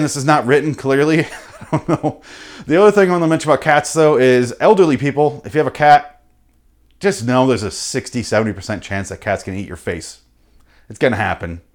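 A young man rambling through an off-the-cuff comic rant, swearing freely. His voice sits at an ordinary middle pitch. He jumps from mutters to sudden loud outbursts as the riff builds. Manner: profane, riffing, animated with sudden loud bursts. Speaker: comedian host.

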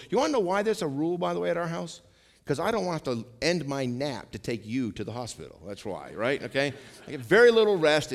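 Middle-aged male pastor, animated pitch, chatty sermon with rhetorical check-ins. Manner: conversational preaching with frequent asides and rhetorical questions; slows and swells when reading scripture.

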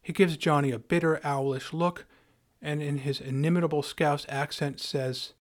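A man's voice: a little high, steady tone, normal speed. A man hosting a podcast, narrating a scripted story in a wry, dryly humorous way. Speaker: podcast host.

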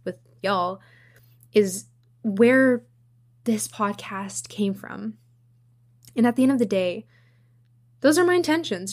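A young woman hosting her own podcast, talking casually and rambling with many fillers and restarts. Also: mid-range voice. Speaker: podcast host. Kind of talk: casual solo podcast monologue.

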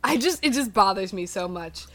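A young woman co-hosting a podcast, chatting casually with lots of laughter and animated swings. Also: mid-range voice, moderate pace. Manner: giggly, animated, frequent laughter. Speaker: podcast co-host. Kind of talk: casual chat.

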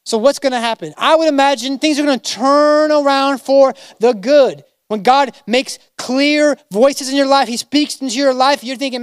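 Man, pastor, sermon, high-pitched, dramatic storytelling, dry recording. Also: moderate pace, clean tone, no room sound. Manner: dramatic, voices biblical figures in casual modern speech.

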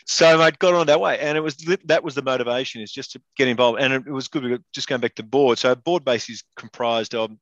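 A middle-aged man talks quickly and bluntly, peppering his speech with "mate" and swearing. The recording is dry and a little dull, with no room sound. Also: mid-range voice, steady tone, no room sound. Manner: blunt and matey, swears freely, says "mate" constantly. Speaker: guest, former professional rugby player and state rugby board member. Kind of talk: casual interview chat.

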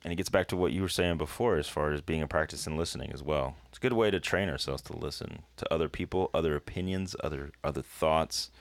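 A man with a very low, deep voice talks with a co-host on a church podcast. He is earnest, warms into animated stretches and laughs easily. The sound is dry and close, with no room around it. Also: fast talker, gravelly, hardly any pauses, no echo. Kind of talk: casual conversational podcast.

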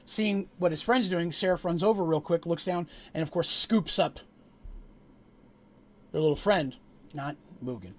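A man narrating a tabletop game as game master, telling the story with animated asides to the players. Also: fairly high pitch, unhurried, pauses often.

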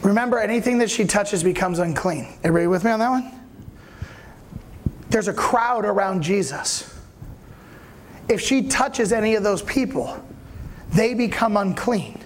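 A man's voice: sits high, animated, moderate pace, pauses often, slight background noise. A man preaching a sermon in a conversational way, often asking if listeners follow, acting out the voices of people in the story. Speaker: pastor.

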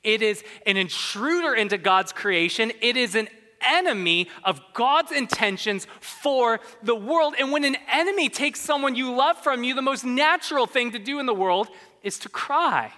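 Bright, earnest preacher in a ringing hall. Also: medium pitch, lively intonation. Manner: conversational, earnest, with quick asides and repeated restarts. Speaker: pastor. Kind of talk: sermon.

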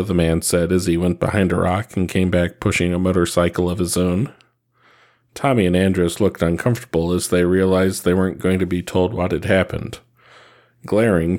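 A man reading fan fiction aloud in a steady, even narration. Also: low voice. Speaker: reader.

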